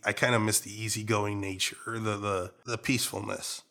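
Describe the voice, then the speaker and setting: A young man from Trinidad and Tobago, a guest in a casual interview, talking in a relaxed, jokey way with an accent that moves between American and Trinidadian. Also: lowish voice, moderate pace, creaky. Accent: American, switching to Trinidadian partway.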